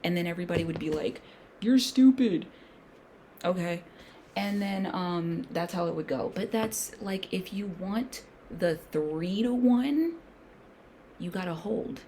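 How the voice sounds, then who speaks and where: A woman's voice: fairly low pitch, a little slow, dark tone, a little hiss or hum. A woman day trader chatting casually as she trades, thinking aloud in slangy speech and coaching viewers emphatically, sometimes sinking to a whisper. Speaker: day trader streaming a trading session. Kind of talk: casual talk-along while trading.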